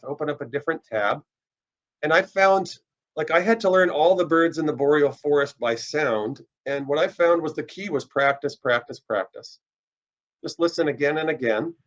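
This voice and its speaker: A man's voice: on the high side, lo-fi sound. A man teaching a casual online birding lesson, explaining step by step as he plays bird recordings. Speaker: birding instructor.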